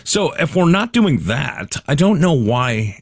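A man chatting on a podcast in a loose, easygoing way, peppering his talk with casual slang. His pitch rises and falls a lot as he talks. He is recorded close up with a dry sound. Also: sing-song, slow, creaky, dry recording. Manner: laid-back, says "dude" often. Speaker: podcast co-host. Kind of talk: casual chat.

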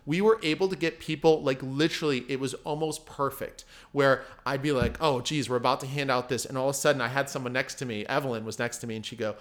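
A man, a mindset coach, telling stories in a casual, animated way as a podcast guest. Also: mid-range voice, fast, few pauses. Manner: animated, acts out voices in anecdotes. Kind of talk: casual storytelling.

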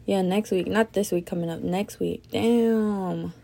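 A young woman chatting alone on her podcast, her voice gravelly with fry. She rambles loosely, swears freely and sounds drowsy between yawns. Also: medium pitch, fairly even intonation, unhurried, mellow. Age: young adult. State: sleepy, yawning. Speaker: podcast host. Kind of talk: casual solo podcast chat.

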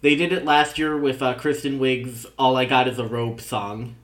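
A man at an ordinary middle pitch talks through a recap in loose, casual chat. He laughs often and leans on "uh" as he restarts his thoughts. It sounds like easygoing podcast banter. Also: steady tone, moderate pace, fairly bright tone, echoey room. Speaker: podcast co-host reviewing sketch comedy.

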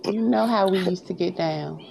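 Low gravelly woman calling someone out. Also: moderate pace, background noise. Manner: sassy, calling someone out, playful. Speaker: caller in audio room. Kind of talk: crude live audio-room banter.

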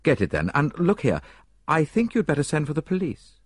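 A man doing a brisk urgent doctor. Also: on the high side, wildly swooping pitch, breathy edge, no room sound, studio quality, pitched above the performer's own voice, heavily acted. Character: brisk middle-aged male doctor, earnest.

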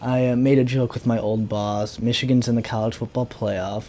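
A young man rambling through a sarcastic, deadpan comic monologue as host of his own talk show. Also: medium pitch, normal speed, a little hiss or hum. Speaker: podcast host. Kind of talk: casual comedic monologue.

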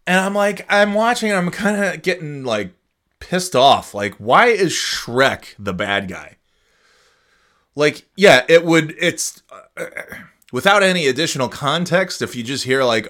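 A man rambling casually as a podcast host, swearing freely as he retells a story. His voice is bright and sharp, and his pitch swings widely from line to line. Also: normal speed. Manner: rambling, profane, animated retelling. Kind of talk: casual chat.

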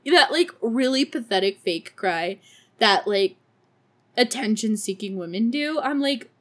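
A woman's voice: on the high side, lively intonation, measured pace. A young woman hosting a podcast, recapping a film in a casual, sarcastic, profane way with laughing asides. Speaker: podcast host.

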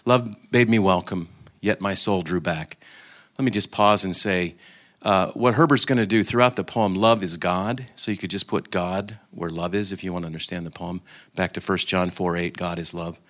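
A middle-aged man with a fairly low voice gives an informal sermon talk at a gathering. He speaks conversationally and reflectively, with casual fillers and restarts. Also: steady tone, moderate pace, a bit bright.

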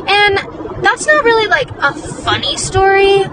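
A woman's voice: very high voice, expressive, a little slow, far from the mic, over a noisy crowd, very noisy. A young woman hosting a podcast, telling a story in a chatty, dramatic, self-deprecating way. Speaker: podcast host. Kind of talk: casual storytelling monologue.

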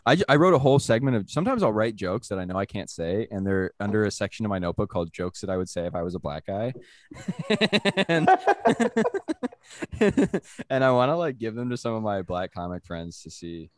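Male comedian host, casual podcast chat, lowish voice with a lively swing, dry close sound. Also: brisk, no echo. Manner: joking, laughs often, restarts mid-sentence.

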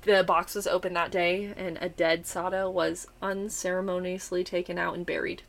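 A woman co-hosting a casual podcast, telling a story in an animated way and swearing freely. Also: fairly low pitch, moderate pace, vocal fry. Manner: animated, swearing, acts out her own reactions.

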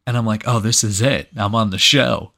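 A man's voice: lowish voice, fairly even intonation, moderate pace, gravelly, pushed and bright. A man co-hosting a podcast. He tells a story in a rambling, casual way, full of "like" and freely swearing. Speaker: podcast co-host.

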